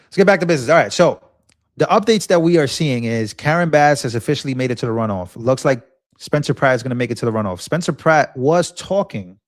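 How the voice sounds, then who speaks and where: A man's voice: mid-range voice, expressive, fairly quick, dry recording, studio quality. Earnest young man rambling on a live stream. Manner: earnest, rambling, repeats himself. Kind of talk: emotional live-stream talk.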